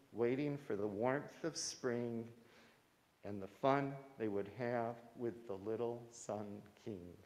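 A man reading a children's story aloud at a church service, gentle and measured. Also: medium pitch, in a large hall. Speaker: story reader. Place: church sanctuary.

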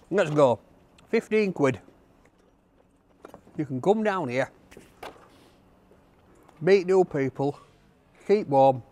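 A man reviewing a takeaway outdoors, chatting and gushing over every bite. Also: medium pitch. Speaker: food reviewer. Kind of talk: casual food review to camera.

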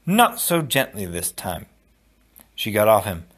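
A man reading a novel aloud in a steady, measured narration. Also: lowish voice, slightly rough. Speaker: audiobook reader. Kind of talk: storybook read-aloud.

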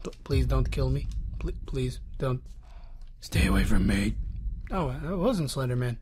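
A man's voice: mid-range voice, very animated, a little slow, darkish tone, slight background noise. A man nervously stammering and muttering through commentary on a horror game he is playing.

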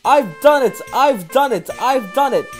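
A man putting on a big, proud storybook engine who boasts and grumbles in turn, his pitch swinging widely. Soft music and birdsong play underneath. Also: very animated, normal speed, natural voice. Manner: boasting, then grumbling and crossly complaining. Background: soft background music and birdsong.

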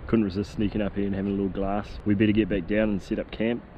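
A man's voice: lowish voice, flat delivery, fast, lo-fi sound, slight background noise. A man with a New Zealand accent vlogging a hunting trip outdoors, chatting easily and talking to his dog. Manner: chatty, talks to his dog, laid-back slang. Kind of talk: outdoor vlog narration. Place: outdoors in mountain wilderness.

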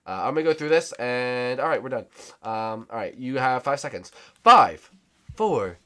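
A young man hosting a gaming channel, giving excitable, teasing commentary with sudden shouts. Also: mid-range voice, normal speed. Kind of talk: casual game commentary.

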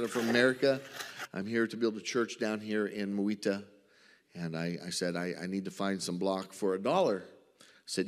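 Man, southern accent, missionary report, folksy storyteller, mid pitch, church hall reverb. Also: background noise. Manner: folksy storytelling, acts out dialogue. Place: church sanctuary.

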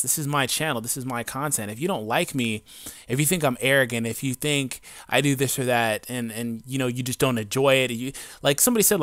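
A mid-range, slightly bright male voice with no room sound belongs to an adult gaming YouTuber using a home recording mic. He rants casually and unscripted to camera, loose and rambling with many fillers, slangy and profane, blunt and defiant throughout.

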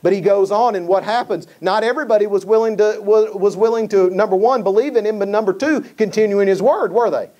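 A man's voice: high-pitched, quick pace, hardly any pauses, dark tone. A male pastor preaching a sermon, emphatic, repeating key phrases and quoting scripture.

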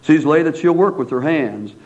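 A man preaching a sermon as pastor, in a folksy, animated manner full of asides. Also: a little high, fairly quick. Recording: dull lo-fi sermon recording.

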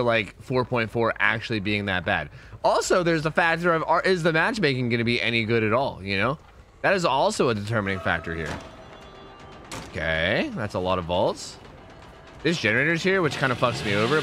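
A man's voice: mid-range voice, a little hiss or hum. A young man with a joking manner, giving casual commentary over his own gameplay as a streamer. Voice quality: animated, joking, talks to players on screen. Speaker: gaming streamer.

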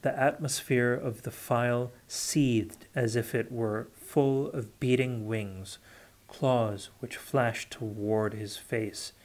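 A man reading a novel aloud unrehearsed, in a measured, unhurried way. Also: medium pitch, steady tone, a little mellow. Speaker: audiobook reader. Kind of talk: unrehearsed audiobook narration.

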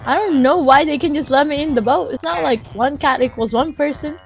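A young Filipino woman with a Filipino accent, giving profane, dramatic commentary and shouting at animals in a game. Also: high-pitched, fairly quick, vocal fry. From Philippines. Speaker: gamer. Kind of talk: casual gameplay commentary.

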